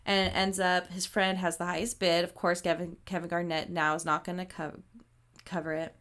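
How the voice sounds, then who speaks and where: A woman's voice: lowish voice, little pitch movement, normal speed, a bit bright. A woman co-hosting a podcast, animatedly retelling a movie plot in casual chat, full of "like" and casual swearing. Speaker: podcast co-host.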